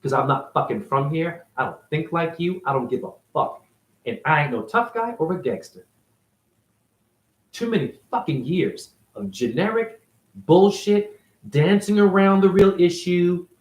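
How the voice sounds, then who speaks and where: A man's voice: on the high side, animated, a little slow. A man delivering an angry, confrontational monologue as a self-styled spiritual teacher, swearing constantly. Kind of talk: profane ranting monologue.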